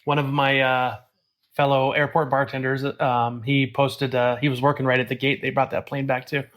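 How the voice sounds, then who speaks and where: Man, mid-pitch, candid opinionated co-host, easy laugh. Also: flat delivery, normal speed, a bit bright. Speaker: podcast co-host, airport bartender. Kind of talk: casual chat.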